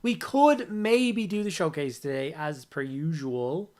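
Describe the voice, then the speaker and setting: Man, somewhat high voice, chatty livestream host, casual talk, lots of repeated greetings. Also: a little slow, darkish tone. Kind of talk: casual livestream chat while building models.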